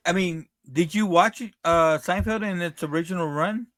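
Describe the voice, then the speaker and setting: Easygoing podcast host, dry sound. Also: male voice, sits high, moderate pace, fairly bright tone, dry recording. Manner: easygoing, short affirmations. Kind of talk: casual chat.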